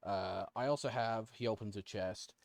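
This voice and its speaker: Man, low pitch, dungeon master, online tabletop game, dry sound. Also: normal speed, vocal fry, dry recording. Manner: plays a reluctant king in brief asides.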